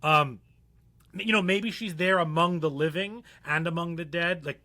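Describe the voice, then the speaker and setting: A man's voice: a little high, moderate pace, pushed and bright. A man co-hosting a podcast in casual chat, rambling and restarting his sentences. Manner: rambling, with many fillers and restarts. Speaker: podcast co-host.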